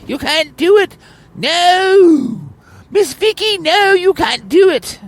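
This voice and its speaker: A man voicing a drunk, jealous woman who rants and raves in a high shrieking falsetto, possessive and wild. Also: expressive, slow, gravelly, a little hiss or hum, full character voice. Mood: ranting. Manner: ranting and raving, possessive. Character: drunk jealous woman YouTuber, ranting, shrill.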